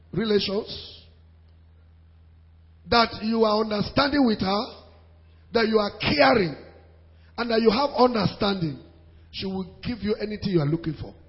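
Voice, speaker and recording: Male preacher, animated sermon delivery, high voice, muffled sound with a long hall echo. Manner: animated preaching with pidgin asides and laughter. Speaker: pastor. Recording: dull sound in a reverberant hall.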